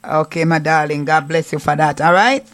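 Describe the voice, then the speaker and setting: A woman's voice: sits low, moderate pace. A woman hosting a church radio call-in, affectionate with callers, stammering and repeating her words.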